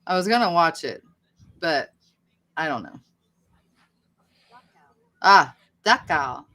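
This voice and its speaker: A woman's voice: low voice, animated, takes it slowly, pushed and bright. A woman chatting casually on a livestream, rambling and poking fun at herself. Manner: rambling, chatty, self-deprecating. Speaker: livestream host.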